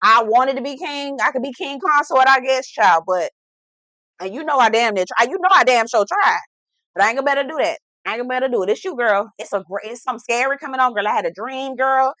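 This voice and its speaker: A woman's voice: high-pitched, quick pace, bright, forceful tone, no echo, low-quality recording. A woman voicing a weary man prince who pleads and keeps saying "girl". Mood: resigned. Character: weary male prince yielding his claim.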